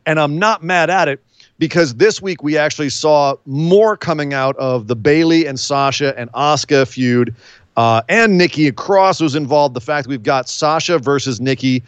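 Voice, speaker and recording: A man's voice: fairly high pitch, moderate pace, smooth, no echo. A man co-hosting a casual podcast, chatty and joking, with some stumbles and restarts. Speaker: podcast co-host.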